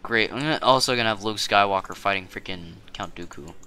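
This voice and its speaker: Bright-voiced man rambling over gameplay. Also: fairly low pitch, smooth. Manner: rambling, self-correcting, quick to exclaim. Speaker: gaming streamer. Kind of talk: casual gameplay commentary.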